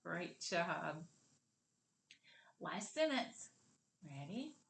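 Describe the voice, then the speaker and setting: A woman leads a kindergarten literacy lesson at a very unhurried pace, carefully drawing out each rhyming word for children to repeat. Her mid-range voice rings in a roomy, echoey space. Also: fairly low pitch, big pitch swings. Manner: slow, deliberate, modeling words clearly for young learners. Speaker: teacher. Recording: roomy echo.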